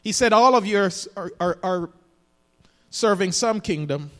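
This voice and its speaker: Male pastor, high-pitched, preaching with rising emphasis in a church with long reverb. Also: animated, a little slow, fairly bright tone. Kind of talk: sermon. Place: church sanctuary.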